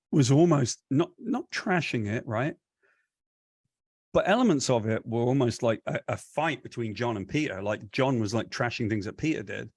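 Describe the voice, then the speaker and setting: A man's voice: medium pitch, no room sound, clean studio sound. Rambling man telling a long story. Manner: rambling, animated retelling with self-corrections. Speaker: comic book writer, guest. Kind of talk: storytelling interview answer.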